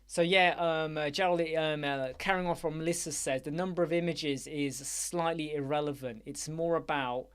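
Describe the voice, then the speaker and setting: A man hosting a live Q&A chat show, rambling and animated, with many fillers. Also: a little high, normal speed, hardly any pauses, clean tone. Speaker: host. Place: dark room with soundproof panels.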